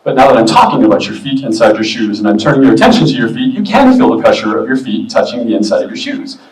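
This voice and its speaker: A man giving a relaxed, chatty talk as a medium to an expo audience, with many fillers. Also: mid-range voice, quick pace, far from the mic. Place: expo hall. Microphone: booming handheld or stand mic. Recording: echoey hall, mic heard from afar.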